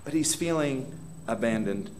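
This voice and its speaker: A man preaches dramatically in a church hall, his mid-range voice animated, slightly mellow and at normal speed, with a little hiss or hum in the background. As pastor, he prays aloud with mounting intensity and questions the congregation directly.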